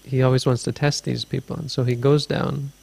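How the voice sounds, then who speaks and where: A man's voice: mid-range voice, level tone, fairly quick, gravelly, a little mellow. A man teaching as a Buddhist teacher, answering a question in a dharma talk with meandering, thoughtful storytelling.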